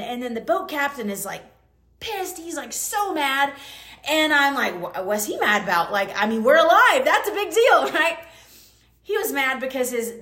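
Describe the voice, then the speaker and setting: A woman hosting a podcast, telling a personal story in a chatty, animated way with lots of asides. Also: high-pitched. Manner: chatty, animated, full of fillers and quoted asides. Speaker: podcast host. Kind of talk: casual storytelling monologue. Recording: roomy echo.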